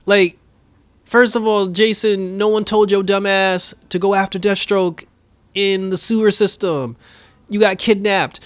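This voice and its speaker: A man hosting a casual reaction recap, animated and slangy, laughing and acting out characters' lines. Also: high-pitched. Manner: acts out characters' lines in quick mimicry. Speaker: show recap host.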